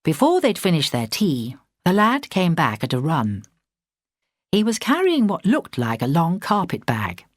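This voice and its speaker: A woman narrating a story in a measured way, her fairly low voice rising and falling with lively expression. She is recorded close to the mic, and the sound is completely dry, with no room echo. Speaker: audiobook narrator. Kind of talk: scripted narration.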